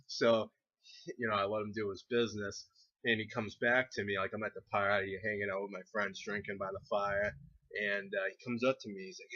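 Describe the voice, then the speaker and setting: Low-voiced young man telling a rowdy story. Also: little pitch movement, a little fast, sharp tone. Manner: rambling, profane, laughs through the story. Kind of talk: casual storytime vlog. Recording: dull lo-fi recording.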